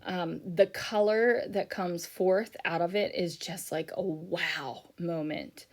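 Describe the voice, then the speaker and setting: A woman's voice: lowish voice, slow pace, few pauses. A middle-aged woman chatting casually in a voiceover for her scrapbooking video, tired and rambling, with frequent fillers and yawns. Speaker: scrapbooking YouTuber.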